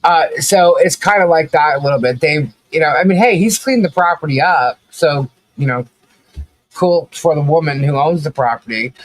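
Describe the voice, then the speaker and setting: A man's voice: a little high, moderate pace, poor audio. A man co-hosting a podcast, telling a story in casual commentary, acting out quotes with laughing asides. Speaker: podcast co-host.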